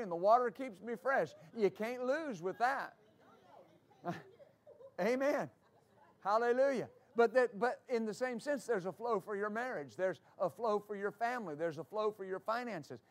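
A middle-aged male pastor preaching a sermon, moving from calm scripture teaching to loud, fervent exclamations. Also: sits high, normal speed.

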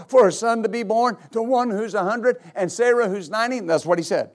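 A male pastor preaching a sermon, rising into repeated, shouted exhortations to his congregation. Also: sits high, brisk, few pauses. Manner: builds to shouted, repetitive exhortation.

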